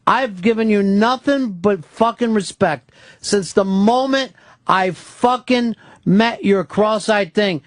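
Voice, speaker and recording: A man's voice: high-pitched, takes it slowly, no room sound. A middle-aged man hosting a radio show, ranting angrily and swearing at a caller. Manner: profane, heated, scolding. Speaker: radio host. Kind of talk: angry on-air rant. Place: radio studio. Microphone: studio microphone.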